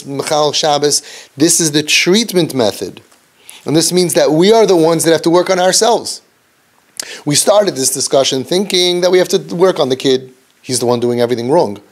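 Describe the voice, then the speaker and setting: Earnest man giving a preachy lecture. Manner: earnest, preachy, with Yiddish and Hebrew terms; dips low and soft, then rises for emphasis. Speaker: parenting counselor and speaker. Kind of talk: impassioned lecture.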